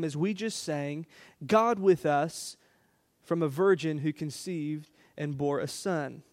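A man's voice: fairly high pitch, darkish tone. A man pastor preaching a sermon, telling a family story with playful asides and repeated phrases.

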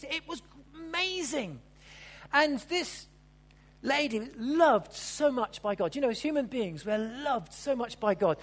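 A preacher giving a sermon, telling the story vividly and swinging between loud exclamations and hushed asides. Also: medium pitch, a little hiss or hum. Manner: animated storytelling, acting out the characters' lines.

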